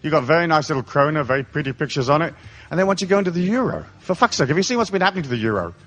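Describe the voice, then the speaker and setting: A middle-aged man from Africa addresses a live seminar audience with profane, sardonic humour. His voice sits a touch high and swings widely in pitch as he tells comic stories. He sounds irreverent and mocking throughout. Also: very animated, racing, a bit bright. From raised in Africa, born in England. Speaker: seminar speaker.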